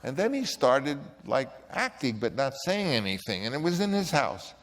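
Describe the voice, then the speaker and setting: A man's voice: mid-range voice, sing-song, moderate pace, a bit bright, in a large hall. An older man, a film director, telling rambling anecdotes with frequent restarts. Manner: rambling, with many restarts and acted quotes. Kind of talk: casual anecdote.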